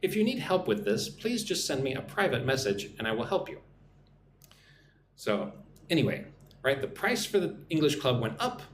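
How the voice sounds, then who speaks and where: An American man teaching business English on a live stream, speaking slowly and clearly and often checking in with "right?". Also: medium pitch, big pitch swings, echoey room, a little hiss or hum. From United States.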